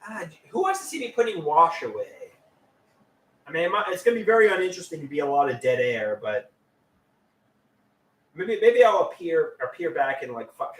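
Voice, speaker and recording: Guy rambling on a home livestream, kinda high voice, lots of stammers, roomy sound from across the room. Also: a little hiss or hum. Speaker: live streamer. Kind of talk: casual livestream chat. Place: at home, doing laundry. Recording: roomy, from a distance.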